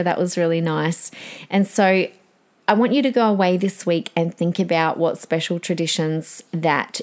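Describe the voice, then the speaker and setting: A woman in her forties with an Australian accent, hosting a podcast in a chatty, earnest and rambling way. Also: on the low side. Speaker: podcast host. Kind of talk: casual solo podcast talk.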